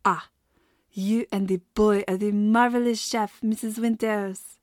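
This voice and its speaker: Woman doing a cafeteria chef, dreamy, breathy, food-obsessed, storybook reading, dry sound. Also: mid-range voice, steady tone, measured pace, darkish tone, no room sound, close to an everyday voice.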